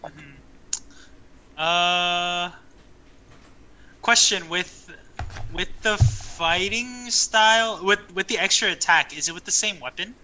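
A man's voice: high-pitched, takes it slowly, pauses often, bright, forceful tone. Laid-back young man on a noisy mic. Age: young adult. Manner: hesitant, laid-back, many ums. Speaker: player. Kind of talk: casual tabletop play.

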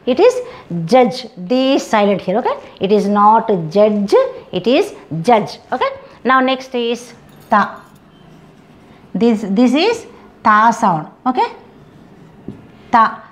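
A woman from India with an Indian English accent, teaching English phonetics and repeating each example word slowly several times. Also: a little high, very animated. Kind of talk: phonetics lesson with slow repeated example words.

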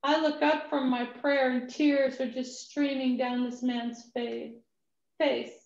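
Animated high-voiced woman telling a story. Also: slow pace, creaky. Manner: animated storyteller acting out dialogue. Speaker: ministry executive director. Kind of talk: storytelling testimony talk. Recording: echoey room, dull lo-fi sound.

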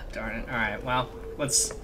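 A man's voice: mid-range voice, fairly even intonation, takes it slowly, over music. A man casually commenting on a game he is playing, rambling and laughing as he explores. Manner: chatty, giggly, rambling. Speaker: let's play host.

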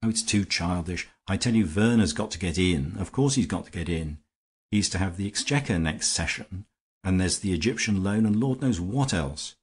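A man's voice: low-pitched, animated, normal speed, breathy edge. A man voicing a sulky, scheming English brother who blusters and complains, in an audiobook reading. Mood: blustering.

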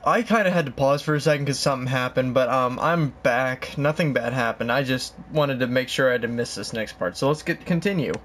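A young man doing excitable, jokey let's-play commentary with loud outbursts. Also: medium pitch, a little fast, hardly any pauses, noisy background. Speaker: gaming youtuber. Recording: commentary over game music.

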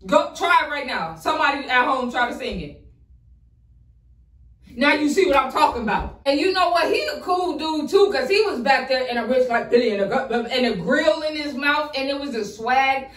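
A woman hosting a reaction show who talks excitedly and profanely straight to her viewers. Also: high voice, moderate pace, far from the mic. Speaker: host reacting to rap freestyles. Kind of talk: casual reaction commentary. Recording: roomy sound, mic set back.

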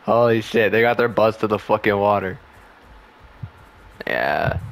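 A man's voice: fairly low pitch, measured pace, gravelly, slight background noise. A young man giving casual gameplay commentary, swearing and trash-talking with frequent laughter. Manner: profane trash talk, laughs often, excitable. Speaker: gaming channel host.

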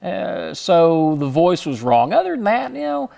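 Man, slight southern twang, interview guest, gravelly, animated storyteller. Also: high-pitched, measured pace, background noise. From Houston, Texas. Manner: chatty storyteller, frequent restarts, chuckling asides. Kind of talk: casual interview chat.

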